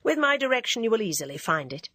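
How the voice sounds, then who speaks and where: A woman voicing a kind, courteous young gentleman in a storybook reading, polite and reassuring. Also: on the high side, big pitch swings, fast talker, dry recording.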